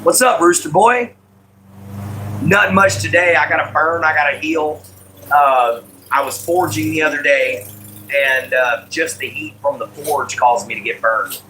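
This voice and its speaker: A man's voice: fairly high pitch, unhurried, sharp tone, a little hiss or hum, low-quality recording. A man hosting a casual home live stream, drawling and easygoing as he answers chat by name. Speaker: livestream host. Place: at home, moving to back porch.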